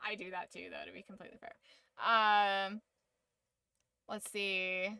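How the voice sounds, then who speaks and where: A woman's voice: mid-range voice, flat delivery, a little slow, creaky, bright, forceful tone, clean tone, dry recording. A woman streamer giving casual reaction commentary, muttering asides and swearing casually.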